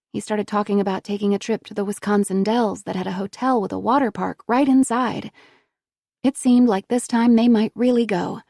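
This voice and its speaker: A woman reading a thriller audiobook in a steady, measured voice on a close studio mic. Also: mid-range voice, gravelly, no room sound. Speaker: audiobook narrator. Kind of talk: scripted narration.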